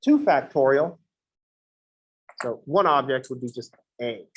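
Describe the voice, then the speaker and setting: A man's voice: mid-range voice, expressive, measured pace, poor audio. A male math instructor lectures in a loose, conversational way. He wanders off into joking asides before getting back to the lesson. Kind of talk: casual classroom lecture.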